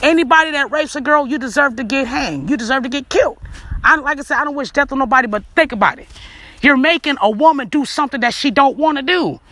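A woman's voice: high voice, fast talker, fairly bright tone. A woman delivering a blunt, profane rant to camera, lecturing the listener directly. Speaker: vlogger. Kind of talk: ranting commentary to camera.

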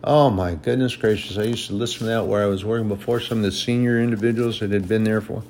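A man preaching a sermon with emphasis, repeating his points for stress and reading scripture in a raised, slow voice. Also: lowish voice, fairly even intonation, a little mellow, slight background noise.

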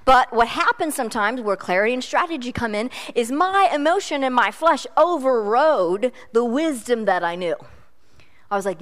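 A woman's voice: a little high, lively intonation, normal speed, a bit bright. A middle-aged woman preaching a sermon in a chatty, self-deprecating storytelling way.

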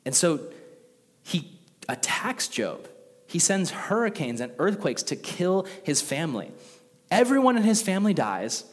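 Male pastor, casual slang-filled sermon, slightly high voice, long hall reverb. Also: measured pace. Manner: animated, casual slang, reads scripture with rising intensity.

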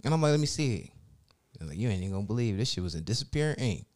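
Profane, animated man telling a story. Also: on the low side, rapid-fire. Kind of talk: casual chat.

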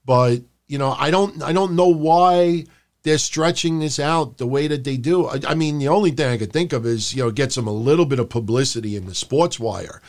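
A man's voice: medium pitch, normal speed. A man co-hosting a wrestling podcast, talking casually and profanely, acting out his rants in a raised voice. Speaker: podcast co-host.

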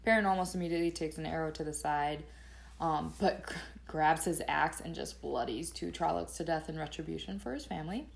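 A woman's voice: low-pitched, a little fast, gravelly. A woman co-hosting a podcast, recapping chapters in a chatty way with dry asides and laughs. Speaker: podcast co-host. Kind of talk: casual book-club recap.

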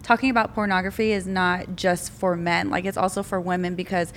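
A woman's voice: on the low side, flat delivery, slight background noise. Candid woman sharing testimony. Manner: candid and confiding, quick asides. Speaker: podcast co-host.

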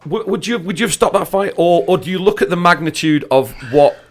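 A man's voice: high-pitched, a little fast. A man co-hosting an interview, asking long, searching questions. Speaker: co-host.

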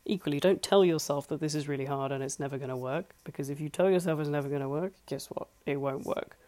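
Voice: mid-range voice, quick pace, mellow. A life coach giving earnest, conversational advice from home, repeating points for emphasis. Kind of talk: solo advice talk. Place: home flat.

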